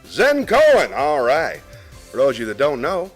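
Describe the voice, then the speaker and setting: A man's voice: medium pitch, animated, normal speed, faint music behind. Playful man hosting a live chat stream. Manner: playful, jokey, reads chat comments aloud. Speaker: host of a live variety stream.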